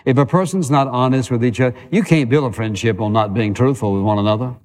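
A male pastor preaches conversationally in a church sanctuary, stacking repeated phrases for emphasis, slowing on key words and rushing the stretches between them. His mid-range voice is a little mellow, and the hall reverb is long.

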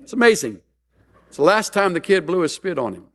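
A man's voice: high voice, very animated, brisk, fairly bright tone. A man preaching a sermon as a pastor, mixing humorous stories with earnest appeals.

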